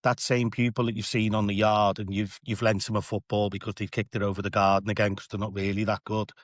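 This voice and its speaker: A man's voice: lowish voice, little pitch movement, fast talker, dry recording, clean studio sound. A man, an assistant head teacher, talking earnestly and reflectively in a podcast discussion, often restarting his phrases.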